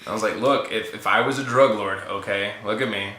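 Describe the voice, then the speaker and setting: A man's voice: lowish voice, a little fast, sharp tone, echoey room. A man casually telling a funny story about his wife, laughing often and quoting her lines. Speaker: guest husband telling a story.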